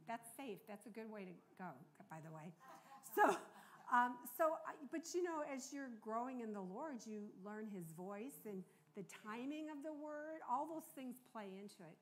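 A woman's voice: a little high, animated, moderate pace, a little hiss or hum. An older American woman preaching a sermon in a conversational, earnest way, often checking in with the congregation. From United States.

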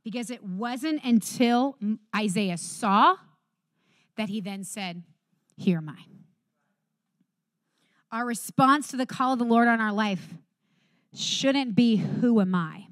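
A woman delivers a sermon, reading scripture and preaching with earnest conviction. Her voice sits a little high and swings from bright, lifted phrases to soft, quiet emphasis. The sound is close and dry, with no room echo. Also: lively intonation, takes it slowly, long pauses.

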